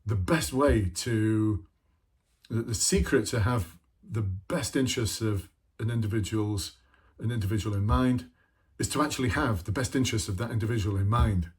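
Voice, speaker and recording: A man's voice: fairly low pitch, normal speed, husky. A middle-aged man, a former police officer, giving an informal coaching talk full of rhetorical questions. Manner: conversational, asks many rhetorical questions, talks to himself. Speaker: former police officer turned leadership trainer.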